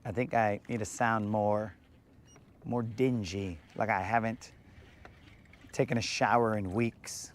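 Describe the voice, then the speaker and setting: A man's voice: fairly low pitch, steady tone, slow pace, pauses often. A man hosting a live fishing vlog from a boat on a lake, bantering in a laid-back, joking way. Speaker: fishing show host.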